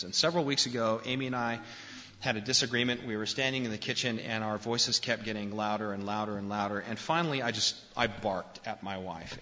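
Male pastor, earnest direct preacher, sharp bright voice, dull lo-fi church recording. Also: on the low side. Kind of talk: sermon. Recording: dull lo-fi recording in a reverberant hall.

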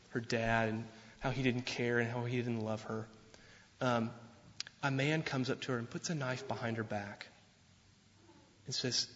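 A man preaching a sermon as pastor, earnest and deliberate, slowing down and swelling his voice for emphasis. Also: medium pitch, a bit bright. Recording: dull sound with long hall reverb.

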